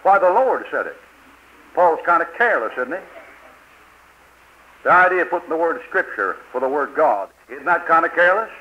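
Fiery older preacher on old tape. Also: male voice, on the high side, very animated, moderate pace, pauses often, highs cut off. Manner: fiery, rhetorical questions, folksy grammar. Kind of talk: sermon.

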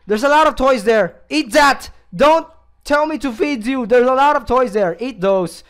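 A man's voice: very high-pitched, expressive, normal speed, a bit bright, clear, resonant tone. A man commentating a horror game playthrough, jumpy and easily startled, gasping, yelping and laughing nervously as he plays. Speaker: let's play gamer.

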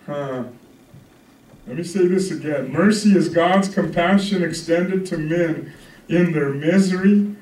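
A pastor preaching a conversational sermon, often checking in with the congregation. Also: male voice, fairly high pitch, unhurried, darkish tone. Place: church hall. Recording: echoey room from a distance.

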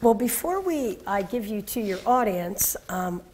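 A woman's voice: medium pitch, big pitch swings, a little slow, a little mellow, slight background noise. A woman moderating a stage interview at a college, prompting the guest with short encouraging remarks. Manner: brief encouraging backchannels. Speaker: moderator, English professor.

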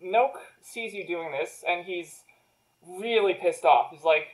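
A woman narrating as game master of a tabletop game, giving brisk, matter-of-fact rulings. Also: lowish voice, low-quality recording.

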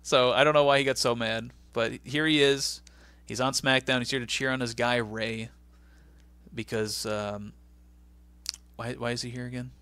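A man co-hosting a casual podcast, recapping wrestling with frequent laughs and incredulous, animated asides. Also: mid-range voice, moderate pace, smooth, no room sound. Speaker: podcast co-host.

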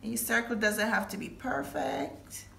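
A woman hosts a children's storytime and craft session, talking gently and slowly as she guides young kids step by step. Her voice sounds roomy and echoey, with a faint hiss underneath. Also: fairly high pitch, creaky, distant mic. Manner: gentle, instructive, speaks to the children directly. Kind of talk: reading aloud and craft demo for preschoolers. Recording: echoey room, faint noise.

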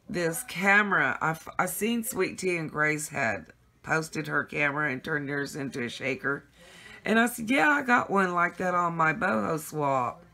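A woman's voice: sits low, pushed and bright, a little hiss or hum. A woman chatting casually and giggling as she unboxes gifts for her viewers at home. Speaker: craft vlogger.

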